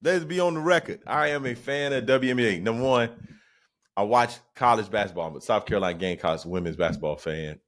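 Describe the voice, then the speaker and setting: A man's voice: fairly low pitch, animated, quick pace, fairly bright tone. A man hosting his podcast, telling a casual comic story and jumping into other people's voices. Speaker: podcast host.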